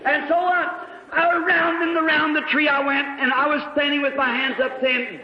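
A man preaching a revival sermon, fervent, swinging between loud shouts and hushed lows. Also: normal speed, hardly any pauses. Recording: echoey hall, lo-fi old tape.

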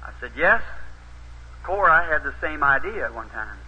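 A preacher man with a high, husky voice tells his story in a folksy, plain-spoken way, now and then building into emphatic urging. The sound is dull and muffled, like an old tape recording. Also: very animated, moderate pace, pushed and bright. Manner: folksy, rises to emphatic exhortation. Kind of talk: sermon storytelling.

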